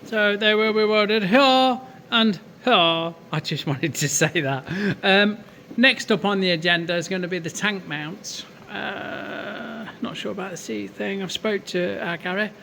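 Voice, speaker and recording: A man with a slightly hoarse voice gives chatty, sweary commentary while working at a lathe in his workshop, full of self-mocking asides. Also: sits high, measured pace, bright, forceful tone, a little hiss or hum. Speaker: workshop fabricator.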